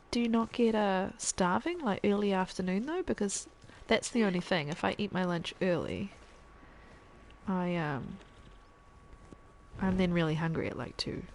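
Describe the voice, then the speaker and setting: A woman's voice: mid-range voice, creaky, a little mellow, a little hiss or hum, poor audio. Chatty laughing woman streamer. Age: adult parent. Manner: chatty, laughs often, trails off mid-sentence. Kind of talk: casual gameplay chat with viewers.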